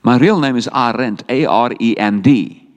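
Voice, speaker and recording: A man's voice: mid-range voice, moderate pace, muffled recording. A middle-aged South African man preaching a sermon, telling a story with animation and acting out quoted words. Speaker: pastor. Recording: echoey hall sound.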